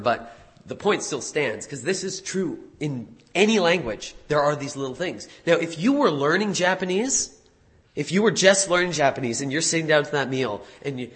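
A man preaching a sermon in a conversational way, correcting himself at times and stressing words with animated emphasis. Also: mid-range voice.

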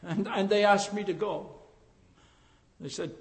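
An older male pastor preaches slowly, taking his time over each phrase. His voice sits fairly high for a man and swings between emphatic rises and hushed drops. The sound rings with the long reverb of a church hall. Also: fairly even intonation, vocal fry. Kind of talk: sermon.

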